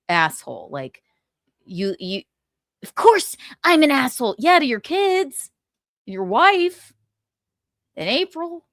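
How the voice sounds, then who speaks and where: Woman host, slow and animated, cuts people down with profane sarcasm; dry close sound. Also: mid-range voice, no room sound. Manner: mocking, blunt and profane. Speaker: livestream host. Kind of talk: profane pop-culture commentary.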